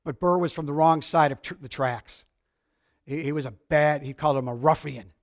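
Male preacher, high voice, excitable, loud-to-soft sermon delivery. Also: normal speed. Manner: excitable, shouts then drops to quiet. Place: church sanctuary.

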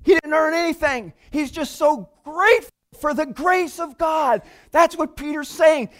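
High-voiced man preaching animatedly. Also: unhurried, few pauses. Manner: animated and conversational, with emphatic asides and laughs. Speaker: pastor. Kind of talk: preaching a sermon to a congregation.

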